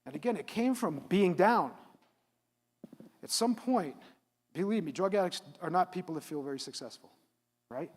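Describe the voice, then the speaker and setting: A middle-aged man giving a live motivational keynote at a conference, animated and asking the audience questions. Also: high voice, normal speed, pauses often. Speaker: keynote speaker. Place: conference hall. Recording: reverberant hall.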